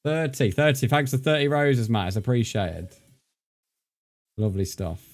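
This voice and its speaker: A man's voice: medium pitch, lively intonation, moderate pace. A man, a streamer chatting casually and rambling while he plays, thanking viewers by name. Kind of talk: casual live-stream chat while gaming.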